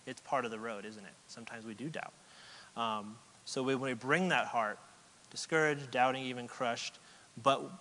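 A man preaching a sermon as a pastor, earnest and halting, often restarting words and getting choked up as he reads scripture. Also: mid-range voice, pushed and bright, long reverb tail, poor audio. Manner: earnest, halting with repeated starts, gets choked up.

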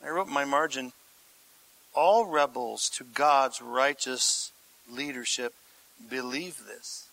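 A male pastor preaching a sermon, dramatic, dropping to hushed tones and rising to shouts, asking the congregation direct questions. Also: mid-range voice, slow pace, dry recording, poor audio.

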